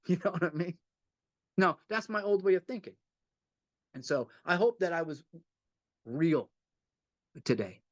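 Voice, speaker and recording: A man's voice: a little high, no echo, lo-fi sound. A man leading a twelve-step study session in an informal teaching style, earnest and repetitive, often checking in with a rhetorical "right?". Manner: earnest, repeats points, asks rhetorical "right?".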